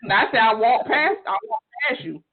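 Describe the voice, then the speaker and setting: A woman's voice: fairly high pitch, sing-song, normal speed, vocal fry. A woman co-hosting a podcast in casual chat, chatty and gushing with a teasing streak. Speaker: podcast co-host. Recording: tinny phone-line sound.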